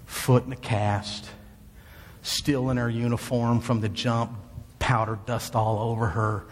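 A man telling a dramatic story to an audience in an animated preaching style, swinging between low, quiet moments and high, excited ones. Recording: long hall reverb.

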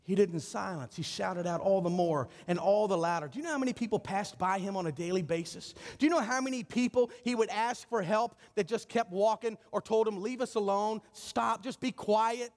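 A high-pitched male pastor preaching with passion, pushing hard through urgent stretches and dropping to near hush for effect. His voice rings out with a long reverb tail, as in a church sanctuary. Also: brisk, hardly any pauses. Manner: impassioned preaching, rising and falling between urgent and hushed. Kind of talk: sermon.

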